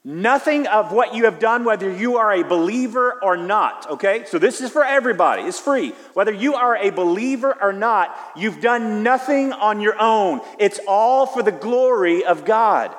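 A middle-aged man from Houston preaching a sermon as pastor, telling stories in a lively, conversational way with frequent restarts. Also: high voice, moderate pace, few pauses. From Houston, Texas. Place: church sanctuary. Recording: long hall reverb.

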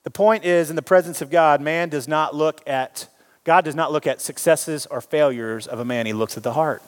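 Man, pastor, lively sermon, fairly high voice, long church reverb. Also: normal speed. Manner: animated, jokes with the congregation, acts out quoted voices. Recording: long reverb of a large hall.

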